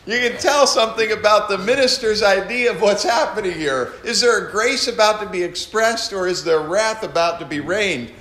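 Male pastor, lively teaching sermon, slightly high voice, echoey room. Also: moderate pace, few pauses. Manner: animated, acts out readings in different tones.

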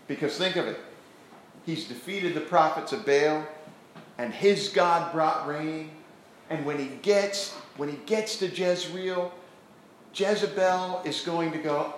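A man preaching a sermon who acts out the scripture scenes in a lively way and often restarts his sentences. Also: fairly high pitch, measured pace, slight background noise. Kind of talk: sermon with animated storytelling. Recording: roomy echo.

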